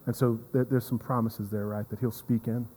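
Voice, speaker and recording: A man preaching a sermon as pastor, earnest, repeating words and swinging from emphatic to hushed. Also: mid-range voice, flat delivery, normal speed, husky. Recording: long reverb of a hall.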